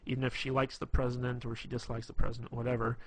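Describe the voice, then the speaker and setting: A man with a husky, slightly breathy voice at an ordinary pitch talks through tips in a loose, rambling way. He leans on fillers and restarts as if chatting with a friend. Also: monotone, fast talker, dry recording. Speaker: dating advice presenter. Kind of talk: casual instructional talk.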